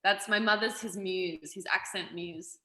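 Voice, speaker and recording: Australian actress guest, bright and forceful voice, animated, echoey room. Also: female voice, medium pitch, measured pace. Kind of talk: casual interview chat.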